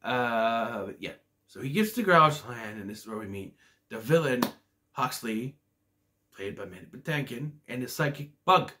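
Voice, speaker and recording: A man reviews a children's film in a loose, rambling way, hesitating and stumbling over fillers. His pitch swings up and down in an animated way. He sits at a middle pitch for a man. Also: moderate pace. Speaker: movie reviewer. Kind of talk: casual movie review.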